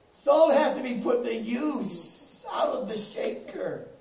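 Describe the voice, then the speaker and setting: High-voiced male preacher in an echoey church. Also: vocal fry, a little mellow. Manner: repeats key phrases, slows down for emphasis. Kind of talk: sermon. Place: church sanctuary with congregation. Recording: echoey, distant room mic.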